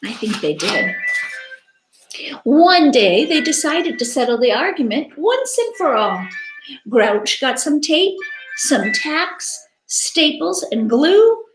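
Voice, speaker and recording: A woman reads a children's picture book aloud at an unhurried pace, her high voice swooping with expression. She gasps and invites her listeners to join in. The recording sounds echoey and roomy. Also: soft background music. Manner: animated, interactive, dramatic gasps. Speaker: teacher reading aloud. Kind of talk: children's story read-aloud. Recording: echoey room.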